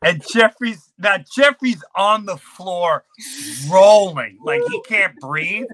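A man's voice: sits high, very animated, slow, fairly bright tone, no echo. A middle-aged man, a podcast host and comedian, telling a childhood story with lots of energy and acted-out sound effects. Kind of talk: animated storytelling chat.

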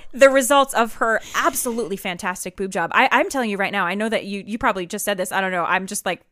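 A woman's voice: medium pitch, quick pace, noisy background. A woman co-hosting a podcast in casual chat, rambling and stammering as she recounts things. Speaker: podcast co-host.

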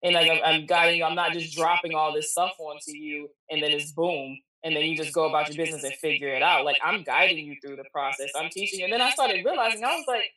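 A woman's voice: low-pitched, fast, few pauses, sharp tone, distant mic. Candid slangy woman, off-mic in echoey room. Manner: candid, swears freely, slangy. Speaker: spiritual reader. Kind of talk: casual storytelling chat.

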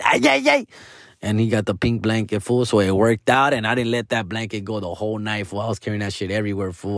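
A man's voice: fairly low pitch, no room sound, clean studio sound. A man telling a casual story to his followers, slangy and profane, mixing Spanish words into his English. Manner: peppers talk with "fool" and "dog". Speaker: actor vlogging to followers.

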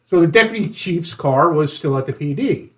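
A man with a somewhat high voice, a former police officer, tells a story from the station in easy conversation. He restarts his sentences and chuckles as he goes. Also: expressive, slight background noise. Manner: halting, repeats words, chuckles. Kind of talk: casual storytelling chat.

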